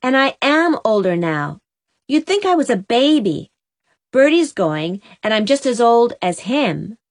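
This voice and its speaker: A woman's voice: fairly high pitch, lively intonation, a little slow, no echo, clean studio sound, pitched above the performer's own voice. A woman voicing an indignant, sulky young boy who talks back with defiant outbursts.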